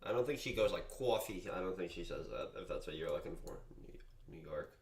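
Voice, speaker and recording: A young man from Massachusetts, USA, chats casually on a live trading stream, rambling and joking at his own expense. His voice sits low, animated and fairly quick.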